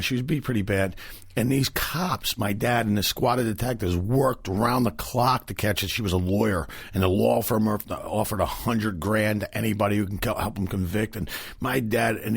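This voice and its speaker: A comedian from Philadelphia rambles through animated stories in casual podcast talk. His middle-pitched voice is husky and gravelly, recorded close and dry. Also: normal speed, no echo. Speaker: comedian guest.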